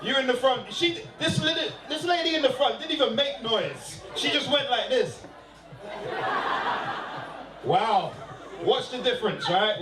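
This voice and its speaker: A man's voice: very high-pitched, background noise. A male stand-up comedian doing teasing crowd work live on a club stage. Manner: teasing, playful with the audience. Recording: roomy live club sound from a distance. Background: crowd and music.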